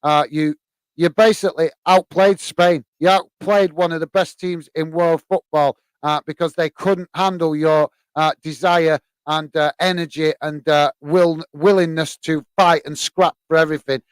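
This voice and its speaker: A man's voice: fairly high pitch, steady tone, moderate pace, clean tone, no room sound. An English man hosting a live football stream, reading fan comments aloud with lots of fillers and friendly "mate" replies. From England. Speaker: host reading live chat.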